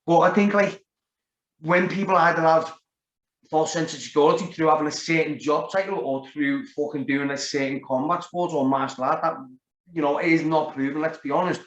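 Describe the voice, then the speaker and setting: A man with a Liverpool accent rambles through a story in casual conversation, swearing heavily and saying "like" a lot. His voice is a little high, steady, and a bit bright, and he talks fairly quickly. The recording sounds roomy, dull, and lo-fi.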